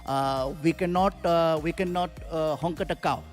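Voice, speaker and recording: A man voicing a calm, polite cab driver, slow and matter-of-fact. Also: a little high, soft background music, voice pushed down, lightly acted.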